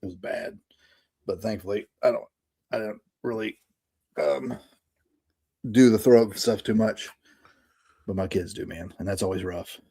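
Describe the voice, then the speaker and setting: Man, 30s, fairly low voice, rambling casual talk, remote call. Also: steady tone, a little slow, long pauses, warm tone, slightly rough. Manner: rambling, many fillers and restarts, bursts of speed. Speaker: podcast co-host. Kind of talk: casual chat.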